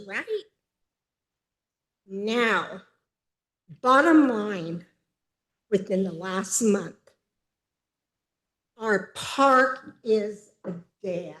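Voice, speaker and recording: A woman's voice: fairly high pitch, very animated. Upset older woman giving public comment. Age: 70s. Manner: upset, emphatic, halting. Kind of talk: public comment at a council meeting. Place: city council chamber.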